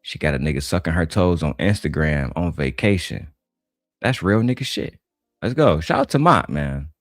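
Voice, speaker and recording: A man's voice: deep voice, lively intonation, moderate pace, no room sound, clean studio sound, faint music behind. A man from Detroit reacting to a debate on his stream, ranting bluntly and with heavy profanity.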